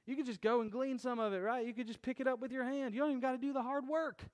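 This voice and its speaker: A man preaching a sermon as pastor, talking casually and joking at times, then building to emphatic shouts. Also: very high voice, fairly even intonation, rapid-fire.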